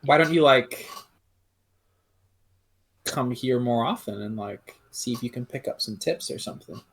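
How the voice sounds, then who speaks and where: A man's voice: medium pitch, unhurried, gravelly, a bit bright. A man playing a tabletop game, asking friendly, rambling questions. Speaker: player. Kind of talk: casual tabletop game play.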